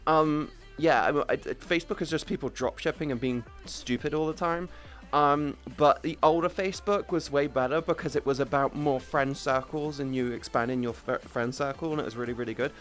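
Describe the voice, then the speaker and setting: A woman's voice: low voice, moderate pace, soft background music. A woman livestreamer in casual chat with viewers, rambling and chatty, breaking off to greet people, on a headset mic. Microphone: headset boom mic.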